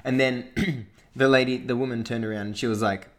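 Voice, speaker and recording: A young man with an Australian accent, animated and laughing as he tells a story in a casual podcast chat. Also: mid-range voice, moderate pace. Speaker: podcast co-host.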